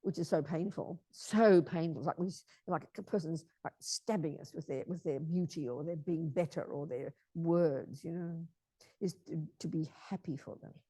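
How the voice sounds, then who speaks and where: A woman's voice: sits low, normal speed, mellow, slightly rough, dry recording. A woman teaching Buddhism in an emphatic way, repeating key phrases and often asking her listeners if they understand.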